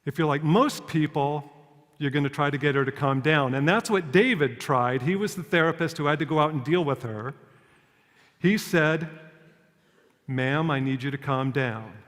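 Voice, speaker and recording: A man delivers a prepared public talk at a measured pace, telling stories and posing rhetorical questions. His voice sits fairly high for a man. The sound carries a long reverb, as if the talk was recorded in a large hall. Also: fairly bright tone. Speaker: public speaker.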